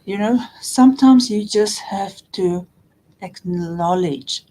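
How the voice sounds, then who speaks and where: A woman's voice: on the low side, unhurried, warm tone, slight background noise, poor audio. A middle-aged woman counselor explaining relationship patterns in an earnest, repetitive way, often restarting phrases and voicing example quotes. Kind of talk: talking-head advice video.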